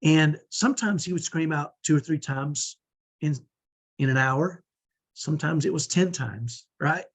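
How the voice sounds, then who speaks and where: Middle-aged male parent coach, husky and slightly high-pitched, conversational teaching delivery with frequent check-in tags. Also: unhurried. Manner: conversational, often ends points with "right?".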